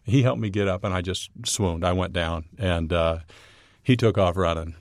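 A man's voice: deep voice, moderate pace, no room sound, studio quality. A middle-aged man telling his own story as an interview guest, with wry asides.

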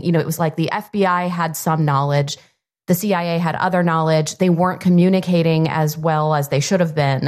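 A woman co-hosting a talk show, telling a story in a steady, explanatory way. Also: sits low. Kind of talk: conversational talk.

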